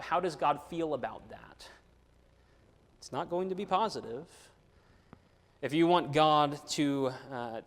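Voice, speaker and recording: A man preaching a sermon, earnest, briefly voicing quoted Bible figures. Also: a little high. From United States. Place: church sanctuary. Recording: long hall reverb.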